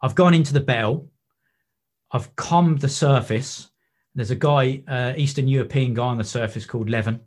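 A man's voice: medium pitch, normal speed. A man, a wreck diver and photographer, telling stories in a podcast interview. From England. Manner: animated anecdotes with acted-out quotes.

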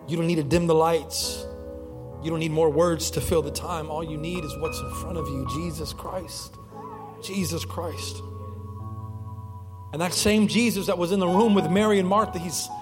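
A man's voice: fairly high pitch, steady tone, moderate pace, big-room sound, music in the background. A young man preaching a sermon as pastor, telling stories in a conversational way with frequent restarts. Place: church sanctuary.

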